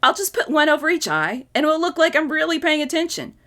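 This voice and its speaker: A cheeky six-year-old cartoon boy, sarcastic and full of imagination, as a woman puts him on while reading aloud. His voice sits high and bright and leaps about with excitement. It is a storybook-style read of comic-strip dialogue. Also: quick pace, full character voice. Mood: scheming.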